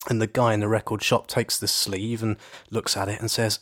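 A man's voice: on the low side, little pitch movement, fairly quick, a bit bright. A man co-hosting a podcast, chatting casually and telling a long joke in a playful way. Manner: playful, joking. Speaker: podcast co-host.

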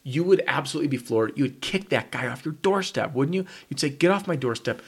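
A man's voice: mid-range voice, lively intonation, fast, vocal fry, slightly rough. A man hosting a podcast and teaching with casual, emphatic talk, often asking rhetorical questions and adding "right?". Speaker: podcast host and copywriter.

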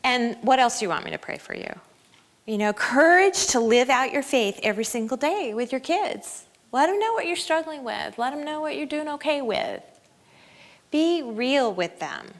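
A middle-aged woman with a somewhat high voice speaks to a room of mothers. She is candid and self-deprecating, mixing advice with stories about her own shortcomings. She laughs easily at herself as she goes. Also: expressive, normal speed. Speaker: speaker at a family camp. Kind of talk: inspirational talk to mothers.

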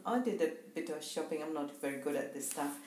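Sex: woman. Pitch: fairly low. Style: chatty storytelling co-host. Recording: roomy echo. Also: fast, a loud crowd. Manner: reflective, chatty storyteller who laughs easily. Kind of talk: casual chat, telling anecdotes.

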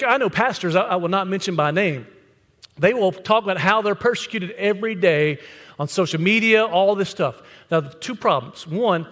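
High-voiced man preaching blunt sermon. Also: a bit bright. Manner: blunt, conversational preaching with rhetorical questions. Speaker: pastor. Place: church sanctuary with congregation. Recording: long hall reverb.

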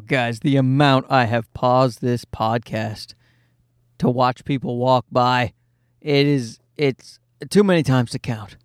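A man's voice: mid-range voice, fairly bright tone, no echo, clean studio sound. A man in his thirties telling rambling, profane, self-deprecating stories as a podcast host. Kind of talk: casual podcast monologue.

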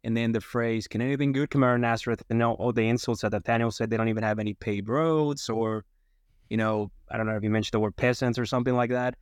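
A man's voice: on the low side, steady tone, fast talker, no echo, clean studio sound. A man adding his thoughts to a Bible discussion in a rambling, restarting way. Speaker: discussion participant.

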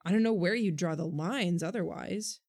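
A woman's voice: fairly low pitch, normal speed, a little mellow. A woman doing a wry, guarded young boy.

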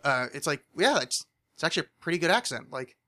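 A man with a nasal American accent, talking in a bright, slightly high voice. He rambles through casual podcast chat, full of fillers and restarts. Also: sing-song, fast. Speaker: podcast co-host.

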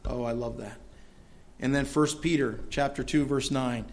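A man preaching a sermon as pastor of a church, earnest and swelling loud when he reads scripture. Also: mid-range voice, fairly even intonation, normal speed.

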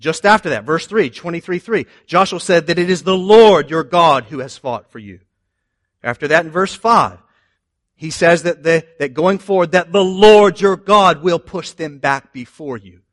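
A man preaching a sermon in an animated way, moving between loud emphasis and quiet asides. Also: on the high side, moderate pace, dry recording, clean studio sound. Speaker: pastor.

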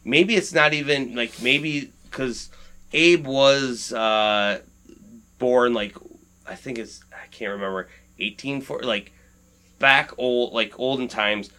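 A man's voice: medium pitch, takes it slowly, pushed and bright, smooth. A man in casual podcast chat, rambling with many restarts and frequent swearing.

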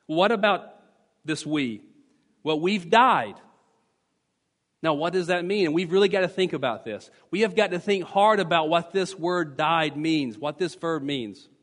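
A man's voice: fairly high pitch, animated, unhurried, fairly bright tone. A man preaching a sermon as pastor, emphatic and teaching, repeating key phrases to drive points home. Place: church sanctuary. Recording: long church reverb.

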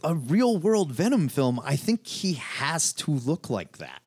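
Animated, laughing man co-host. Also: on the high side, unhurried, slightly rough. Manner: animated, laughs often, does mocking impressions. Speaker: podcast co-host. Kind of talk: casual chat.

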